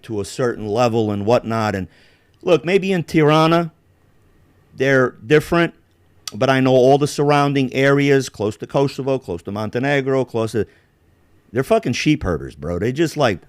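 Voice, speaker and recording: A man's voice: mid-range voice, lively intonation, normal speed, clear, resonant tone, no room sound, studio quality. A man hosting a casual podcast, rambling bluntly with heavy swearing. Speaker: podcast host.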